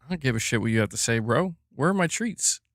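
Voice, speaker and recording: A man's voice: mid-range voice, lively intonation, fast talker, dry recording, natural voice. A man voicing his indifferent pet cat as a dismissive, blunt animal demanding treats, in a dry close recording.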